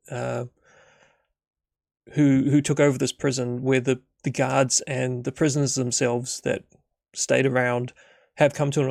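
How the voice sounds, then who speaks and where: A man's voice: mid-range voice, gravelly, a little mellow, no room sound, studio quality. A young adult man narrating a solo tabletop role-playing session as game master, rambling with many fillers.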